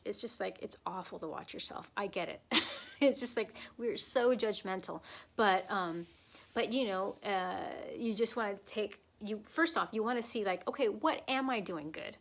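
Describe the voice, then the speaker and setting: A woman's voice: medium pitch, normal speed, creaky. A woman flamenco dance teacher answering questions in a live online Q&A, chatty and encouraging, with many fillers and asides.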